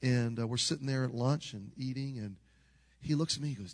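Telling a story during his sermon, this middle-aged pastor speaks earnestly and conversationally, often restarting. His voice is medium in pitch and fairly quick, with the long reverb of a large hall around it.

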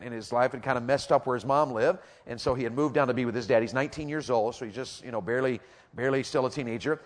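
A middle-aged man preaching a lively sermon, telling a story, acting out voices and asking the congregation questions. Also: mid-range voice, long reverb tail. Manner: animated storytelling, acts out voices, rhetorical questions. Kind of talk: lively sermon with audience call-outs.

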